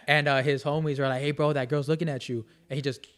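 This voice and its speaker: A man's voice: fairly high pitch, little pitch movement, quick pace. A man appearing as a guest on a podcast, telling stories in an easygoing way and acting out his friends' lines. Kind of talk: casual chat.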